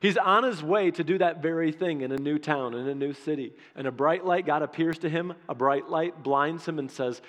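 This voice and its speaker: A pastor preaching a sermon in an animated, conversational way, acting out quotes as he goes. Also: fairly high pitch, moderate pace, hardly any pauses. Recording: long hall reverb.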